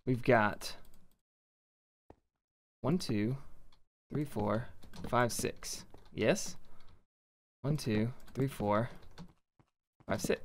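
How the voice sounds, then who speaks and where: Chatty man narrating his gameplay. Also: medium pitch. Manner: chatty, self-mocking, thinking aloud. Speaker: gaming video host. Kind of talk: casual let's-play commentary.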